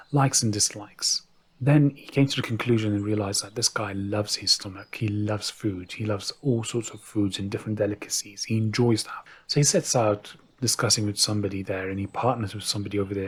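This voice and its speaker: A man's voice: lowish voice, slightly rough. A man telling a folk tale in a chatty, casual way, often turning to the listeners with asides. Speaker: storyteller. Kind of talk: casual oral storytelling.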